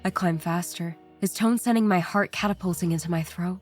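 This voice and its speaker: A woman's voice: lowish voice, a little fast. A woman narrating horror stories in a tense, scripted storytelling style. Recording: faint background music.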